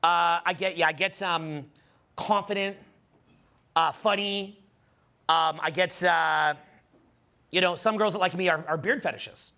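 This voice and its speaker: A man's voice: sits high, steady tone, a little slow, pauses often, bright, forceful tone. A middle-aged man giving an emphatic seminar talk to a room, with repeated phrases and many fillers. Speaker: dating coach speaking to a live audience.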